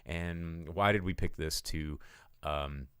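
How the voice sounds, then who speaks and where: A man's voice: a bass voice, slow pace, fairly bright tone, clear, resonant tone, no room sound, studio quality. A man hosting a show, casually recapping a film plot in a rambling, irreverent way with some swearing. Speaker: podcast host. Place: home studio.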